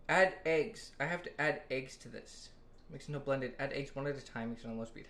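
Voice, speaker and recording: A man's voice: mid-range voice, brisk, fairly bright tone. A man streaming live while baking, chatting to himself and to his viewers in a casual way. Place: home kitchen. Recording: roomy kitchen with clear background noise.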